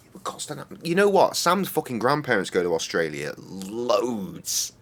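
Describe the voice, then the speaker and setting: A man's voice: medium pitch, big pitch swings, normal speed. A man in his thirties streaming a game, rambling and joking with lots of swearing. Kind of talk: casual game stream commentary.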